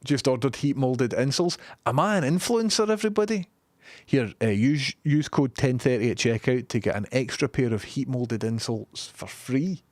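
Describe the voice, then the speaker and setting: A man's voice: medium pitch, fairly even intonation, moderate pace, hardly any pauses, darkish tone, dry recording. Chatty Scottish man streaming from home. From Scotland. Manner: chatty, joking, reads out viewer messages. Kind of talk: casual live-stream chat. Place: home studio room.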